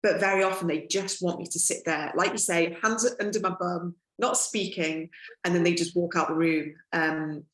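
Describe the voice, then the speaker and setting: Middle-aged mum talking about parenting, lowish voice, kinda thoughtful, echoey room. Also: female voice, steady tone, moderate pace. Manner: reflective, warm, frequent fillers. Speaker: podcast guest, mother. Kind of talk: conversational podcast chat.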